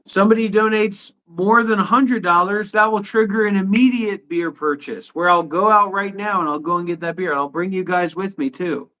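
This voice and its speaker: Stream host, man in his thirties, high and indignant, rants and swears at his co-host. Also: normal speed, hardly any pauses, bright, forceful tone. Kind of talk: heated live stream argument. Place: his apartment.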